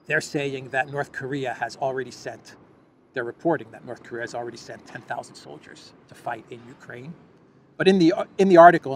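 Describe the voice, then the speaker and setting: A man's voice: mid-range voice, steady tone, fairly quick, creaky, fairly bright tone, a little hiss or hum. A man hosting a political news commentary show, talking in a sarcastic, scoffing way and often restarting his phrases. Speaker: host.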